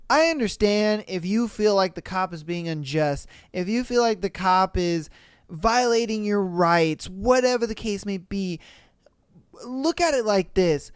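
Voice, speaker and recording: A man's voice: high voice, smooth, no echo, studio quality. A man hosting a podcast, rambling casually in reaction commentary, swearing and laughing often. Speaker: podcast host.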